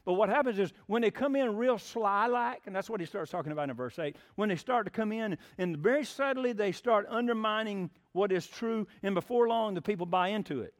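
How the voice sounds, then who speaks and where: A man's voice: high voice, brisk, few pauses. A man preaching a sermon in a folksy, plainspoken storytelling way. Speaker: pastor.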